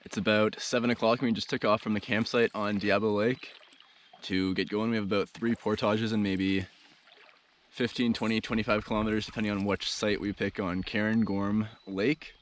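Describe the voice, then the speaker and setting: A man talking casually to the camera while walking a portage trail and carrying gear, often pausing with filler sounds and restarting his phrases. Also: fairly low pitch, little pitch movement, a little hiss or hum. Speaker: canoe trip vlogger. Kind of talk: casual on-the-go video diary. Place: outdoors on wilderness portage trails.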